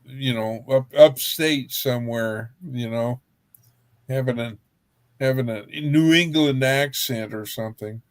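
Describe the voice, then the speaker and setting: A man's voice: medium pitch, a little slow, clean tone, no echo. A man from Texas hosting a livestream in casual chat, rambling and joking with frequent laughs. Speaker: livestream host.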